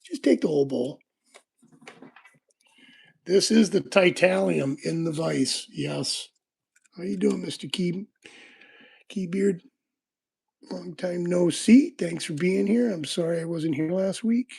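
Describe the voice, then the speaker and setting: A man's voice: sits high, slow pace, creaky, long pauses, darkish tone, husky. A man hosting a casual livestream, chatting to viewers and rambling through stories with lots of fillers as he picks locks. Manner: rambling, laid-back storytelling with frequent fillers. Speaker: livestream host. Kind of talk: casual livestream chat while lockpicking.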